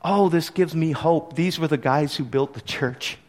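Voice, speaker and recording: Expressive, conversational male preacher. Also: fairly high pitch, normal speed. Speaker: pastor. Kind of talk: sermon. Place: church service.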